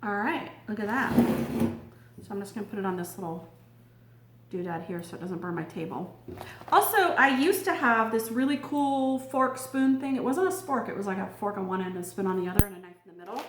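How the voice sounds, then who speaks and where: A woman's voice: mid-range voice, fairly quick. A woman vlogger casually demonstrating gear at a table, chatty and thinking aloud with fillers. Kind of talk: casual product demo. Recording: roomy echo, faint background noise.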